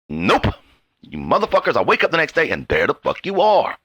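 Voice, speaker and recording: A man's voice: huge pitch swings, fairly quick, breathy edge, dry recording. Swearing, sarcastic ranting man. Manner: sarcastic, swears constantly, mocks mimicking voices; bursts from low mutters to sudden high shouts. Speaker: vlogger ranting to viewers. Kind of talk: angry profane rant.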